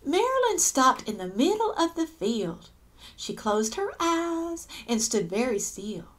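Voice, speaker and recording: A woman reads a children's picture book aloud in an unhurried, high voice. Her pitch swoops up and down as she lingers over each line. She breaks off for gasps and small asides to her listeners. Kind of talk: read-aloud storytelling.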